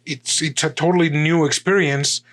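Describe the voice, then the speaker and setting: Male podcast co-host, slightly high voice, hesitant and stammering. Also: steady tone, normal speed, a bit bright. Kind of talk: casual chat.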